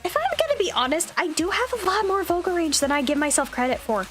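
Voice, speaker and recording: A woman's voice: extremely high pitch, very animated, fast talker, fairly bright tone, soft background music. A young woman streamer chatting casually, upbeat and rambling with plenty of fillers. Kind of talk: casual chat.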